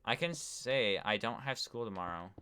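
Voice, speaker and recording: A man's voice: on the low side, expressive, moderate pace, pushed and bright, slight background noise. A man live-streaming a building game, chatting casually to viewers with lots of fillers. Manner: rambling, talks to chat with many fillers. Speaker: gaming streamer.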